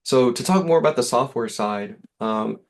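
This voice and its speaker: A man's voice: medium pitch, normal speed. A man giving an easygoing, reassuring sales demo over a call, with lots of fillers. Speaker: software sales rep.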